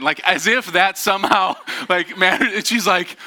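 A man's voice: high voice, normal speed, few pauses, bright, forceful tone, no echo. A man preaching a sermon as a pastor, telling a story in a casual, self-deprecating way with many fillers and restarts.

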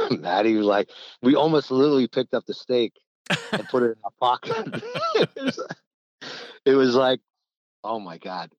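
A man's voice: medium pitch, huge pitch swings, normal speed, long pauses, darkish tone, no room sound. A middle-aged man, a former college basketball player, telling rambling anecdotes in casual conversation, laughing often and acting out quotes. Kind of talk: casual storytelling. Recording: dull lo-fi, dry.

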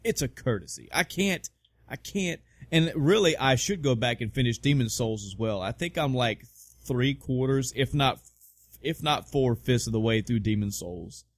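A man's voice: medium pitch, expressive, normal speed, no room sound. Rambling, swearing male podcast host. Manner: rambling, profane, self-mocking. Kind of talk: casual chat.

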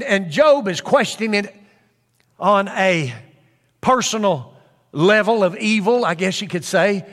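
A man's voice: high voice, a bit bright, in a large hall. A man preaching a sermon in an earnest way, repeating phrases for emphasis with frequent fillers.

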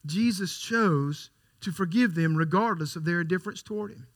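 A man preaching a sermon, emphatic, repeating key lines for stress and swinging from quiet to loud. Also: sits high, normal speed.

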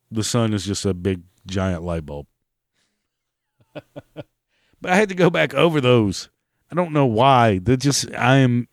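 A man's voice: on the low side, no room sound, studio quality. A man, hosting a podcast in a sarcastic, profane, mocking rant. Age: 40s. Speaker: podcast host. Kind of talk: casual ranting monologue.

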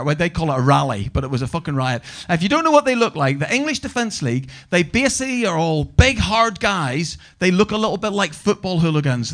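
A man's voice: fairly high pitch, fairly bright tone. A man with a Northern Irish accent doing a brash, sweary live stand-up set and teasing the audience. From Northern Ireland. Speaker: stand-up comedian. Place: comedy venue stage.

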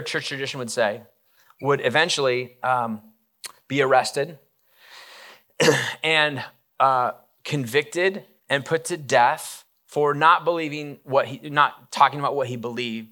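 Man, pastor, conversational sermon, bright tone, acted-out dialogue, quick restarts. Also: mid-range voice. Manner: casual retelling with acted quotes and restarts.

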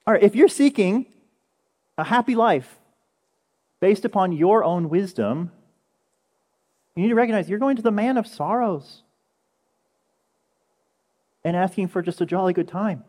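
A young man preaching a conversational sermon as a pastor, telling stories with animated energy. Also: high-pitched, a little slow, long pauses. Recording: echoey hall with long reverb.

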